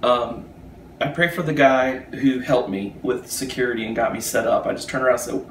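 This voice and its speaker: A man telling a personal anecdote in a casual, animated way, acting out the people in it. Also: medium pitch, moderate pace, a little hiss or hum. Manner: animated, acts out the people in his story. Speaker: storyteller. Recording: roomy echo.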